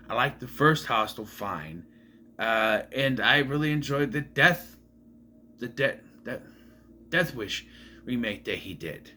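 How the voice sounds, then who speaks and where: A man's voice: medium pitch, sharp tone, a little hiss or hum. A young man giving a casual, rambling movie review who often stops to correct himself. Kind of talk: casual film review vlog.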